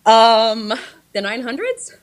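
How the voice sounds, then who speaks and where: A woman's voice: fairly high pitch, sing-song, slow. A woman in her thirties, a librarian guest speaking over a video call, with many ums and restarts. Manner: hesitant, frequent ums and restarts.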